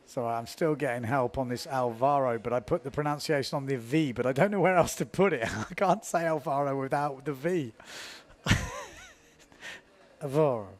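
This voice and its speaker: A man's voice: medium pitch, brisk. A man commentating live windsurfing, chatty and self-mocking, laughing often as he talks.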